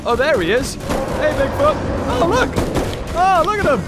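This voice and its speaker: A man giving excitable gameplay commentary, laughing often and yelping at jump scares. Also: very high-pitched, moderate pace, over music. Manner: excitable, laughs a lot, yelps and shouts at scares. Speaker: gaming YouTuber.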